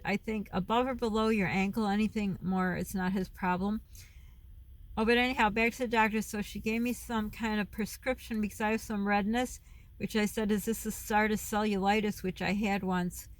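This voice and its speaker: A middle-aged woman chatting to her phone camera, rambling and losing her thread, laughing often as she talks. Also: medium pitch. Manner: rambling, loses her thread and veers off topic. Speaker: vlogger and mom. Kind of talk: casual chat to camera.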